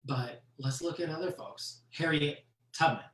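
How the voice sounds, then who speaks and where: A comedian telling stories on a virtual show, in an animated way with frequent laughs. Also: mid-range voice, a little slow, distant mic. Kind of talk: stand-up storytelling on a virtual show. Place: room at home for a virtual show. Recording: echoey room, off-mic.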